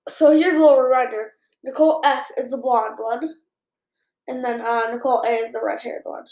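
A woman co-hosts a casual podcast, easygoing and quick to chime in with short agreeing replies. Her voice sits high. The room around her is echoey. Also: fairly even intonation, darkish tone. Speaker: podcast co-host. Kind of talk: casual chat reviewing a TV episode.

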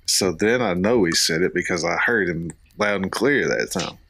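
A man's voice: sits low, normal speed, creaky, pushed and bright, slight background noise. A man in his thirties from Florida, co-hosting a podcast and telling rambling family anecdotes with lots of fillers and restarts. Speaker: podcast co-host. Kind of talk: casual storytelling chat.

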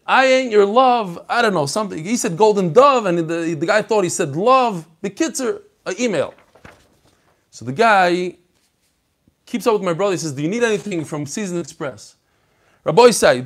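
Animated man telling stories. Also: on the high side. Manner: animated storytelling, sprinkled with Hebrew and Yiddish terms. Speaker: Torah class host. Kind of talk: casual daf yomi class talk.

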